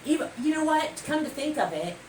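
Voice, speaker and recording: A middle-aged woman from Ohio telling family stories over a meal in a casual, animated way, acting out the talk she quotes. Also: sits high, fairly quick, slight background noise. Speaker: co-host. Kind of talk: casual mealtime storytelling. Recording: echoey room, mic some distance off.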